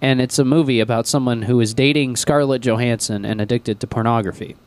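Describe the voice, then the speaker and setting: Brief: young man, student radio co-host, loose rambling chat, middling pitch. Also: fairly even intonation, fairly quick, darkish tone. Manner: rambling, filler-heavy, joking. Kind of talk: casual chat.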